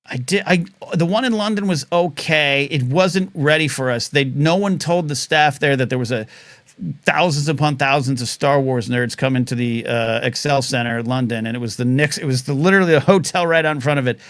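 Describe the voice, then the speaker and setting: A man's voice: medium pitch, moderate pace, fairly bright tone, no echo. A man hosting a live-stream talk show, rambling casually with lots of fillers, saying he is starting to lose his voice. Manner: rambling, chatty, many fillers and restarts. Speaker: host of a live call-in stream.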